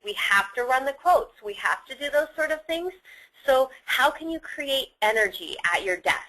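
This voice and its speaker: A woman's voice: sits high, lively intonation, normal speed, sharp tone, low-quality recording. A woman giving a sales training lecture, explaining how to use tone and emphasis on the phone. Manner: instructive, demonstrates emphasis on example sentences.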